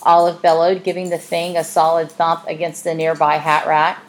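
A woman narrating an audiobook in a measured, expressive reading. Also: sits low.

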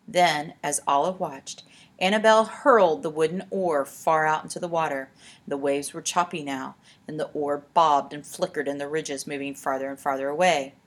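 A woman narrating a storybook aloud in a steady, expressive way. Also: low-pitched. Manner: steady, expressive, slows for tense moments.

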